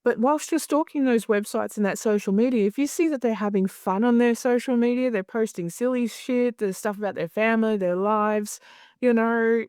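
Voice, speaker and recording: A woman's voice: on the high side, brisk, darkish tone, clean tone, dry recording, studio quality. A middle-aged woman in a candid interview, who talks bluntly, swears freely and acts out other people's lines. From Australia. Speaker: hypnosis conference director.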